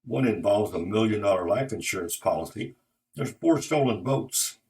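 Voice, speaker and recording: A man's voice: on the low side, animated, moderate pace, a little mellow. A man voicing a loyal, upbeat woman office assistant, speaking in a reassuring way, in a spoken story.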